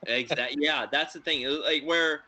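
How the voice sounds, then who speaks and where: A man's voice: on the high side, moderate pace, low-quality recording. A man hosting a podcast, chatting casually about films in a rambling way, full of fillers. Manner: rambling, filler-heavy, excitable. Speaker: podcast host. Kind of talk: casual film review chat.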